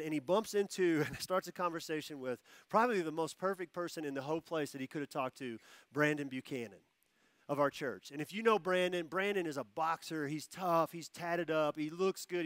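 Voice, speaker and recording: Dry-sounding man preaching with lively emphasis. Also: a little high, a little fast, no echo. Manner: storytelling, animated quoted voices, repeats phrases for emphasis. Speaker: pastor. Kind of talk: sermon. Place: church.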